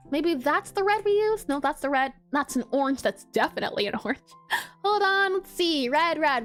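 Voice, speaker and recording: A woman's voice: high-pitched, fairly bright tone. A woman streaming pixel art, chatting casually and bubbly as she draws, laughing often and answering her chat. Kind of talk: casual live-stream chat while drawing.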